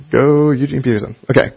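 A man teaching a casual Bible lesson in a chatty, animated way, laughing often as he reads passages aloud. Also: a little high, vocal fry, husky, highs cut off.

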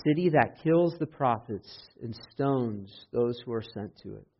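A man preaching a Sunday sermon as pastor, building to loud, impassioned emphasis when he quotes scripture. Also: mid-range voice, lively intonation, unhurried. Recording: dull lo-fi sermon audio.

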